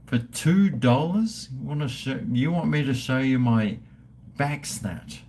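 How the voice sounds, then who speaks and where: Slow-talking crude Australian man in his fifties. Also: mid-range voice, a little mellow, a little hiss or hum. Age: 50s. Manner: crude, joking, swearing; drinking and toasting viewers. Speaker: livestream host. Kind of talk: casual live-stream chat.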